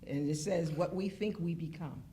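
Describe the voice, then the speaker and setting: A phlebotomist guest from Pittsburgh, Pennsylvania, speaks at a normal speed in a fairly low voice, with a little hiss or hum in the audio. In a casual group chat she tells stories in an animated, emphatic way, acting out the quotes.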